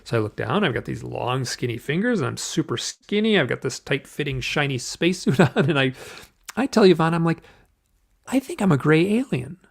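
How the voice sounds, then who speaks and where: A man telling a personal story in an interview, halting and restarting often, acting out the voices of the people he quotes. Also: mid-range voice, lively intonation, vocal fry. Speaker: guest.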